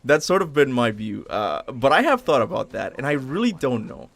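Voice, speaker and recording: Young male game streamer, casual and rambling, gravelly voice with a bouncy, expressive pitch, faint hiss behind. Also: moderate pace. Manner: rambling, self-correcting, laughs often. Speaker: gaming streamer. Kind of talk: casual live commentary over gameplay.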